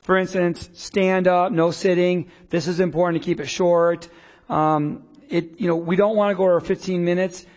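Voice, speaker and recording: A man leads a live business workshop with an energetic, conversational delivery, slipping into quick little acted-out quotes. His voice sits a bit high for a man. The sound carries the long reverb of a hall. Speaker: business coach.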